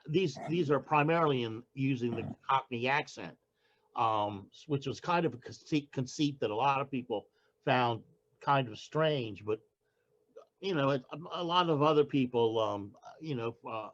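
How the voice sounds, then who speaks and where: An older man, a poet being interviewed, who talks casually and haltingly, with many restarts. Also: mid-range voice, fairly bright tone, highs cut off. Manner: halting, with frequent restarts and fillers. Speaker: poet guest.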